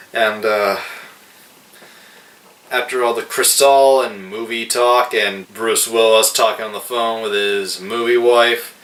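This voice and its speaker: Slow, bright-voiced man reviewing a film. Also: lowish voice. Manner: slow, hesitant, with many fillers. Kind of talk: casual video review. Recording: roomy echo, distant mic.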